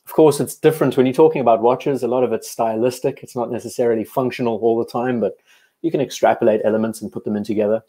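South African male host, mellow warm tone, casual enthusiastic live-stream chat. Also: mid-range voice, fairly even intonation, fast talker. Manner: chatty, enthusiastic, frequent restarts.

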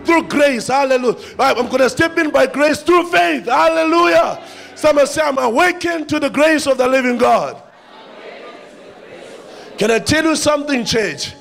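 A man with a South African accent preaches a sermon in a very high, gravelly voice, pushing into shouts as he builds. Soft music runs under his words throughout. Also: normal speed. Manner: impassioned preaching, rising to shouts. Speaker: pastor.

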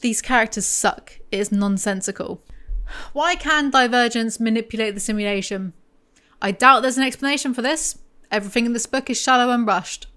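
A woman's voice: on the high side, fairly quick, pushed and bright, faint music behind. A woman sarcastically picking apart a novel as she hosts her commentary video. She reads passages aloud and trips over words now and then. Her asides are dry and mocking. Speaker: book commentary vlogger.

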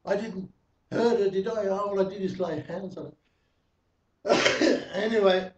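A man preaching a testimony sermon, telling a story in a chatty way with many fillers and chuckles. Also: sits high. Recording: echoey, distant, dull, slightly noisy.

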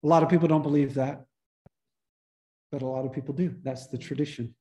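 A man, a priest, giving a relaxed, conversational teaching talk to a church study group, restarting his sentences often. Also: medium pitch, fairly quick. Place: church meeting room.

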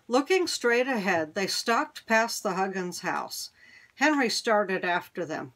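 A woman reading a children's chapter book aloud at a measured, unhurried pace. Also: medium pitch, sing-song, a bit bright. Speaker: reader.

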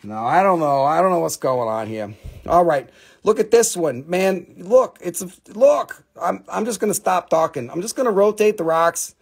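High, gravelly joking rock seller. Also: male voice, animated, normal speed. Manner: rambling, profane, self-mocking jokester. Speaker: live-stream mineral seller. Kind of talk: joking live sales banter.

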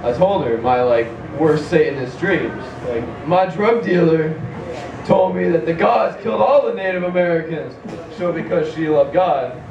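A man's voice: a little high, moderate pace, vocal fry, lo-fi sound. A man doing a stand-up set, telling a rambling absurd story and giggling between lines. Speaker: stand-up comedian. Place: comedy club stage. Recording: echoey club from a distance, noisy.

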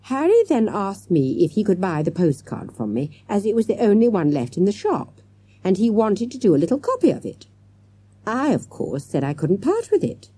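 A woman's voice: mid-range voice, mellow, husky, voice pushed up. A woman reading an audiobook and voicing a dramatic, emotional female schoolteacher in a theatrical, gushing manner.

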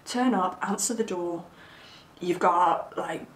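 A woman's voice: lowish voice, slow pace, a bit bright. A woman giving a casual tarot reading, chatty and giggly, rambling with plenty of fillers. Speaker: tarot reader. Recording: roomy sound, mic at a distance, faint background hiss.

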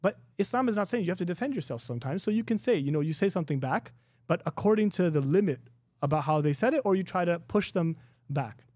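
Middle-aged guy teaching a class, mellow dry voice, laughs a lot, lots of "you know". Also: high voice, lively intonation, fast, dry recording. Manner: conversational, laughs often, many restarts and "you know"; acts out quoted exchanges in a raised voice. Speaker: Islamic teacher. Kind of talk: informal recorded class.

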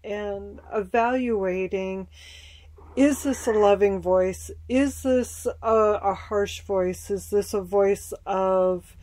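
A woman's voice: mid-range voice, warm tone. A woman hosting a podcast, affirming and thoughtful as she interviews her guest. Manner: affirming, measured. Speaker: podcast host. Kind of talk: casual interview.

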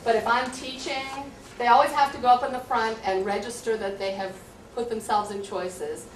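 Set back from the mic in an echoey room with a faint hum underneath, a woman from the USA talks to visitors about how she runs her high school classroom. Her voice is on the high side, with fairly even intonation and normal speed. She's earnest and conversational, acting out student exchanges as she goes.

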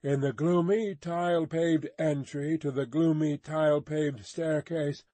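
Male narrator, unhurried and deliberate, dry close recording. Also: a little high, steady tone, dark tone, no echo. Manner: slow, careful reading. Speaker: audiobook narrator. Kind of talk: scripted narration of a classic novel.

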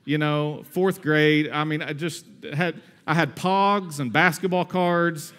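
A man in his thirties preaches to his church with a fairly high voice. He talks energetically and conversationally. He slips in humorous asides along the way. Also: steady tone, slow, a bit bright. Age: 30s. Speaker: pastor. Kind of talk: sermon.

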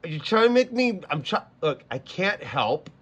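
A man's voice: high voice, big pitch swings, moderate pace, a bit bright, husky. A man streamer talking casually to his chat, flustered and stammering as he repeats himself. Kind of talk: casual livestream talk to chat.

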